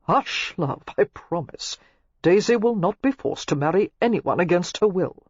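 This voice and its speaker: A reader voicing a calm nobleman husband who speaks evenly with dry amusement. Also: sits high, a little slow, breathy edge, no echo, dull audio, heavily acted. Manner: even, dryly amused. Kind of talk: audiobook character voice.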